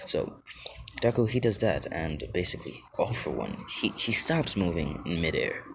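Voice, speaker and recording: A man's voice: low-pitched, big pitch swings, moderate pace, vocal fry, background noise. A man improvising a fan story, rambling with many filler words, recorded outdoors on a phone held close to his mouth.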